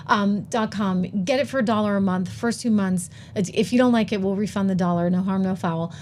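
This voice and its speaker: A middle-aged woman hosts a live-streamed commentary show in a voice of ordinary middle pitch. She talks emphatically and with animation, firing off rhetorical questions. She throws in quick, self-mocking asides along the way. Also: darkish tone, slight background noise. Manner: laughs at herself while typing on air. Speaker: host of a live political and investing show.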